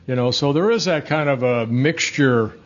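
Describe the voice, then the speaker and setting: A man in his seventies, a former pitcher, telling stories in a rambling, self-correcting way and chuckling at his own jokes. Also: normal speed, dull audio. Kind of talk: casual interview storytelling.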